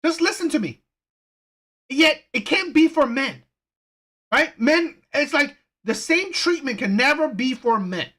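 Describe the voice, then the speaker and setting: A man's voice: very high voice, animated, measured pace, pushed and bright. A man hosting a reaction channel, ranting heatedly in repetitive, swearing commentary.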